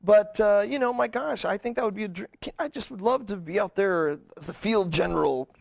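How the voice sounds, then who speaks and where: A man's voice: sits high, a little fast, vocal fry, background noise. A man from Arizona hosting a casual late-night talk show, joking bawdily with his co-host. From Arizona, USA. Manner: animated, joking, bawdy. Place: studio.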